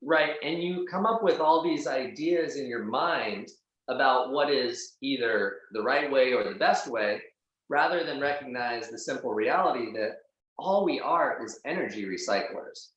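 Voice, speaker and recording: A man's voice: medium pitch, a little slow, a bit bright, highs cut off. A man talking as a podcast guest in loose, profane casual conversation, leaning on filler words. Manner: loose and profane, heavy use of "like". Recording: very echoey room.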